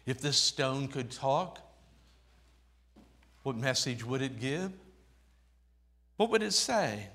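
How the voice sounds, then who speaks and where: Man preaching a sermon, unhurried delivery, brightish voice, drops soft then rises emphatic, reads scripture aloud. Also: lively intonation. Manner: dynamic preaching, swinging between soft low phrases and raised emphatic ones; reads scripture aloud in King James wording.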